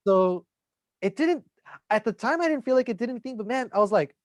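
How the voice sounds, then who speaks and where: A man's voice: high-pitched, big pitch swings, fast, dry recording, clean studio sound. Profane young man telling a rambling story. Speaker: podcast co-host. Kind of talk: casual chat.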